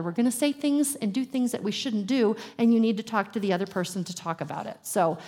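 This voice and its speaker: A woman's voice: mid-range voice, a little mellow. Earnest woman teacher in a reverberant hall. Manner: earnest, candid, acts out little dialogues. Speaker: women's Bible teacher. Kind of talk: teaching talk to a women's group.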